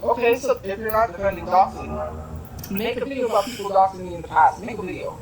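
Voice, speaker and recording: A woman's voice: mid-range voice, very animated, brisk, a crowd in the background, low-quality recording. A woman ranting on a livestream, insistent and argumentative, repeating her points over and over. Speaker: streamer in a clip being reacted to. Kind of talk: heated livestream rant.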